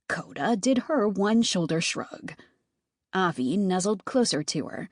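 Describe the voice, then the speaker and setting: A woman narrating a first-person children's audiobook in an expressive, animated way, recorded close in a studio. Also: lowish voice, moderate pace, breathy edge, no echo. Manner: expressive, animated character reading.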